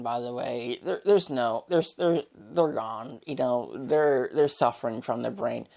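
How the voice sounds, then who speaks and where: A woman with a low-pitched, gravelly voice rants casually to her camera. She rambles, restarts and swears freely, sounding exasperated. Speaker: vlogger. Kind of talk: casual opinion rant.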